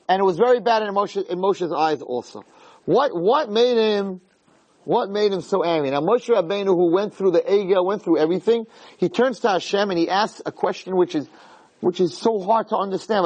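A man's voice: sits high, expressive, normal speed, a little mellow, dull audio. A man giving a Torah lecture, emphatic and full of rhetorical questions.

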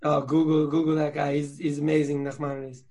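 A man's voice: on the high side, little pitch movement, a little fast, warm tone. A man hosting a podcast, teaching Torah sources in a chatty, slangy way with many fillers and restarts. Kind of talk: casual learning chat.

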